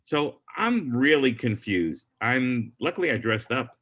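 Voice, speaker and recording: A man's voice: medium pitch, animated, measured pace, fairly bright tone. A middle-aged man, a comedian on a podcast telling a long story and acting out the people in it.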